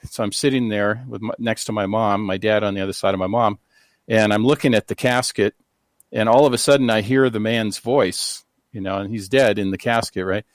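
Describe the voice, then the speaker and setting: A man's voice: fairly low pitch, fairly quick, no echo, studio quality. An older American man, a guest on a radio talk show, telling rambling personal stories full of fillers and restarts. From United States. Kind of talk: casual interview storytelling.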